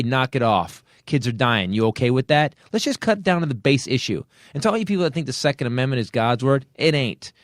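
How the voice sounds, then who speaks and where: A man hosts a comedy podcast and rants with angry, profane energy. His pitch jumps around animatedly as he builds his points. The sound is close and dry on a studio mic. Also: dry recording. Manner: angry, swearing rants with lively swings of pitch. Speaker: podcast host. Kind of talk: ranting comedy podcast talk.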